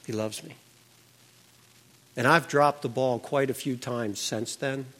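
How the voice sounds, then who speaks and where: A man's voice: mid-range voice, fairly even intonation, slow pace, fairly bright tone. An older man telling an earnest personal faith testimony, his voice climbing when he relives the moment.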